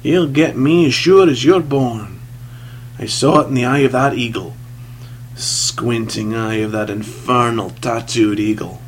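A man's voice: a little slow, a little hiss or hum, lightly acted. A man doing a haunted, blustering big adventurer. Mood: terrified. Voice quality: loud, strained and raised in pitch. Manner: blustering outbursts. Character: big haunted male adventurer, defiant yet terrified. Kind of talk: audiobook character reading.

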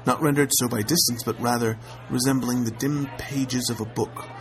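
A man narrating a classic tale aloud in a measured, steady storytelling manner. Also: mid-range voice, faint music behind, poor audio. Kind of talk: audiobook reading of a classic tale.

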